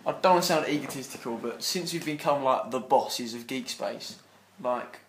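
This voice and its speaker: A man's voice: medium pitch, moderate pace, fairly bright tone, slight background noise. Young man, laughing co-host in an echoey room. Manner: rambling, filler-heavy, laughs often. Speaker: podcast co-host. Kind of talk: casual chat. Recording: roomy echo.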